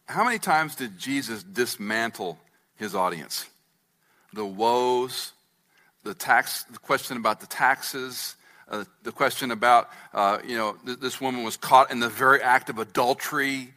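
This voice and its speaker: Guy preaching a sermon, bright clear voice, teachy, keeps asking if you follow. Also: medium pitch, normal speed. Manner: teaching, asks the congregation to follow along. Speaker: pastor. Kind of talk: expository sermon.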